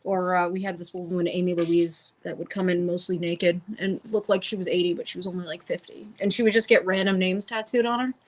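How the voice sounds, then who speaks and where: A woman's voice: on the low side, fairly even intonation, fairly quick, few pauses. A woman tattoo artist chatting as a guest in a casual interview, bubbly and talkative, acting out what her clients say.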